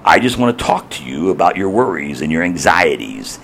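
A man doing a gentle, patient teacher. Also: very animated, normal speed, vocal fry, slight background noise, exaggerated voice. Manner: soft, low, coaxing. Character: gentle, patient male teacher speaking calmly.

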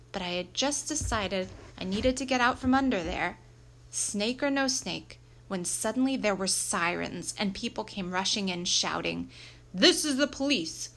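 Woman reading a kids chapter book, bright lively voice, little bit of room hum. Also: medium pitch. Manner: lively, expressive storytelling. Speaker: audiobook reader. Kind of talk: scripted narration of a children's book.

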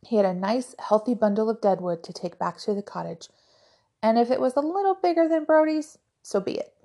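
A woman narrating a fantasy novel aloud in an even, measured storytelling voice. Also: on the high side, gravelly. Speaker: audiobook podcast narrator.

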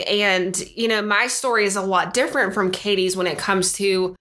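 A woman's voice: mid-range voice, normal speed, few pauses, pushed and bright. A woman co-hosting a podcast in casual chat, rambling with lots of filler words and restarts. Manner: rambling, heavy use of "like" and "you know".

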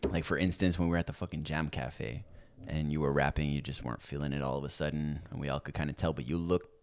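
Podcast host, very low male voice, laid-back swearing chatter. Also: fast, smooth. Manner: casual and relaxed, heavy swearing, fillers. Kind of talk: casual chat.

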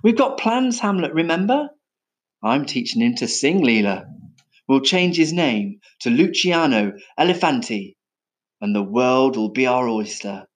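A man's voice: medium pitch, animated, a little slow, natural voice. A man voicing a cheeky, scheming young elephant keeper with a breezy, innocent-sounding manner.

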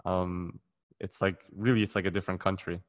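A man hosting a casual interview, relaxed and rambling with many fillers. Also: low-pitched, a little fast. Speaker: interview host.

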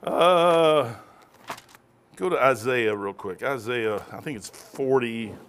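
A man's voice: medium pitch, takes it slowly, fairly bright tone, slight background noise. A man, a pastor, teaching a casual Bible study in a rambling, conversational way, often throwing in "man.".

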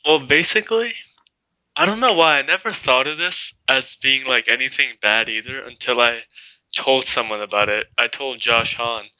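Young man, bright and hesitant. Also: medium pitch, normal speed, no echo, dull audio. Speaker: podcast co-host. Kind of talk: casual chat.

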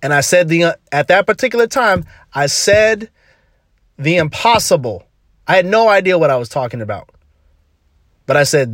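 A man's voice: on the high side, lively intonation, moderate pace, pauses often, fairly bright tone, no echo, studio quality. A man hosting a podcast, giving an emphatic, slangy motivational talk full of repeated punchy phrases. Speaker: podcast host.

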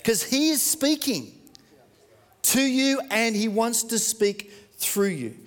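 A man's voice: very high voice, sing-song, slow, long reverb tail. A man with an Australian accent, preaching a sermon through an earnest, conversational story.

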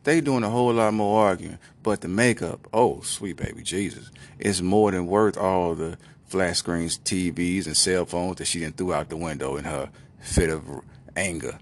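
A man telling a comic story in a slangy, animated way, acting out the characters. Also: sits low, normal speed.

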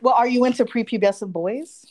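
A woman co-hosting a podcast in casual chat, talkative and quick to laugh. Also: on the high side, a little mellow. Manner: chatty, laughs often. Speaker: podcast co-host.

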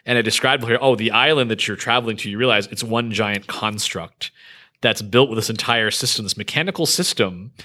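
Male game master, bright timbre, excitable storyteller. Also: fairly low pitch, fairly quick. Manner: animated, laughs often, many restarts. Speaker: game master telling table stories. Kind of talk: casual storytelling chat.

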